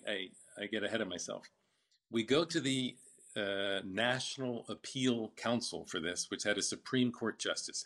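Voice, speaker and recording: An older man recounting his business story in a casual interview, halting with fillers and restarts. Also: fairly low pitch, fairly bright tone.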